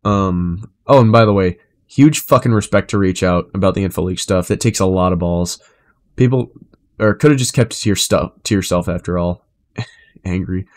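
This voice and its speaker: A young male streamer talks casually to his viewers in a somewhat low voice. He rambles and swears freely. His delivery swings between flat stretches and bursts of energy. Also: moderate pace. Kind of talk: casual live-stream chat.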